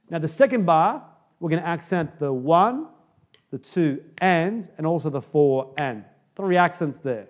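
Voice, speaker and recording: A man's voice: on the high side, animated, moderate pace, music in the background. A man teaching a drum beat in a casual video lesson, upbeat and chatty, often checking in with "okay?".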